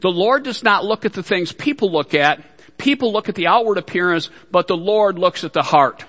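High-voiced, bright male pastor, hall reverb. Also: animated, normal speed. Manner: folksy, joking asides to the congregation. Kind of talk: sermon.

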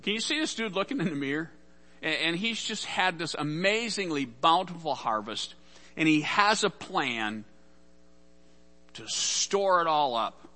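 A man's voice: fairly high pitch, animated, measured pace, bright, forceful tone. A man preaching a sermon as pastor, casual and conversational, acting out the voices in Bible stories.

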